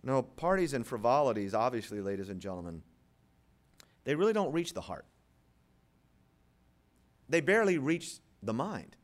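A pastor preaching a sermon, swinging from loud rhetorical questions to low, quiet passages and acting out the voices of imagined listeners. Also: male voice, very animated, normal speed, long pauses.

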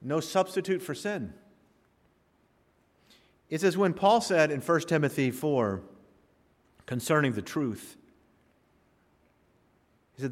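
Man preaching in a church sanctuary, slightly high voice, long hall reverb, emphatic rises and quiet drops. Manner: preaching with rising emphasis and dramatic pauses. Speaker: pastor. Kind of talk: sermon.

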